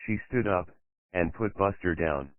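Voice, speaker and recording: A man narrating a children's mystery audiobook in an even, measured reading, voicing the characters lightly. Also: low voice, no echo. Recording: tinny, dry lo-fi recording.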